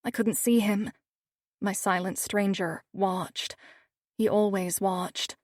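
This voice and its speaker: A woman narrating a first-person audiobook with steady, measured storytelling. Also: mid-range voice, no room sound, clean studio sound.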